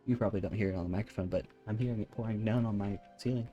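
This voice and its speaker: A soft-spoken man chats while he plays a game from his room at home, relaxed and a little self-deprecating. His voice is mellow and dark, with quiet game music behind him. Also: fairly low pitch, rapid-fire, highs cut off. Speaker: game streamer. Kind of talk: casual chat while gaming. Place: home room with rain on the ceiling.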